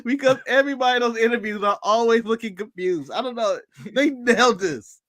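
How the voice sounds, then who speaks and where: A man's voice: very high-pitched, a little fast, no echo, clean studio sound. A man from the United States co-hosting a podcast, joking, mimicking people and laughing as he recaps wrestling. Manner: animated, joking, mimics people and laughs at his own bits. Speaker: podcast co-host. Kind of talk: casual wrestling recap chat.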